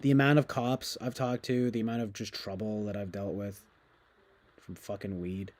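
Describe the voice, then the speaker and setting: A man's voice: lowish voice, flat delivery, normal speed, a little mellow. A young man streaming, chatting casually in a rambling, profane way and laughing often.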